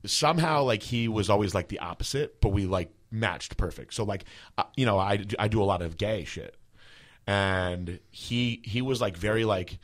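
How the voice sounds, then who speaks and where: A man's voice: lowish voice, normal speed. A man hosting a podcast, telling stories in a casual, rambling way, full of "like" and swearing. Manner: rambling, heavy "like" filler, profane. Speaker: podcast host. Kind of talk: casual storytelling chat.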